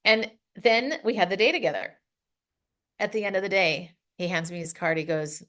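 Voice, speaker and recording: A middle-aged woman from the United States, a podcast guest telling stories in a casual, animated way, laughing often and acting out what people said. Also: medium pitch, moderate pace. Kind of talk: casual storytelling.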